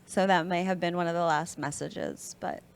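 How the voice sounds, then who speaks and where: A woman's voice: lowish voice, steady tone, moderate pace, clear, resonant tone. A woman being interviewed as a guest, answering hesitantly with fillers and small laughs.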